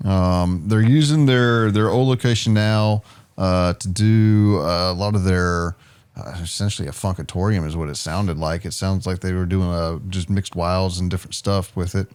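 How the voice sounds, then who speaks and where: A man co-hosting a podcast in casual chat, rambling with many ums and quick jokes. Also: deep voice, fairly even intonation, a little mellow, smooth. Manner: rambling, lots of ums and uhs, jokey. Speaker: podcast co-host.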